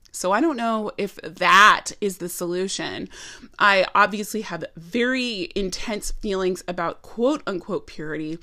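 A woman's voice: mid-range voice, pushed and bright. A woman hosting a podcast in a casual monologue, playful and sarcastic with dramatic mock outrage. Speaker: podcast host.

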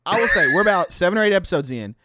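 A man co-hosting a podcast, chatting casually and telling stories in an animated, exaggerated way. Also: sits high, rapid-fire, no room sound, studio quality. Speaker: podcast co-host. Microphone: podcast mic.

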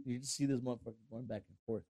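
Rapid-fire and mid-range, a man spins a casual story as a podcast guest. Lively and foul-mouthed, he acts out the quotes and switches over every so often.

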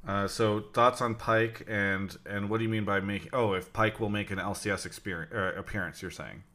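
A man's voice: on the low side, steady tone, brisk, pushed and bright. A man hosting a live stream talk show, chatty and loose, thanking subscribers and taking callers with lots of fillers. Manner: chatty, reads out subs with frequent fillers. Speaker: stream host.

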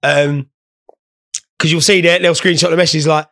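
A man's voice: fairly high pitch, little pitch movement, moderate pace, creaky, a bit bright. A young man hosting a casual podcast, rambling, swearing and joking while stoned. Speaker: podcast host.

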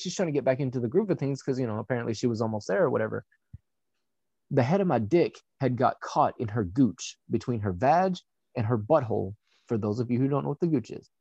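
A young man telling a personal story in a casual, blunt way, swearing freely and filling pauses with "you know". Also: mid-range voice, a little mellow, breathy edge, dry recording. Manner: candid and profane, with frequent fillers.

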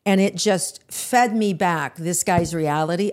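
A woman's voice: on the low side, unhurried. A woman co-hosting a podcast, telling a story in casual chat, acting out the dialogue and swearing freely. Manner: animated, acts out the dialogue in her story. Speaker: podcast co-host.

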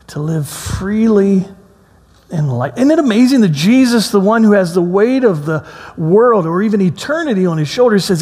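A man preaching a sermon as a pastor, telling a story with lively acted-out quotes before slowing into reflective reading. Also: high-pitched, husky. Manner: storytelling, animated, acts out quotes in a raised voice. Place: church sanctuary. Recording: long hall reverb.

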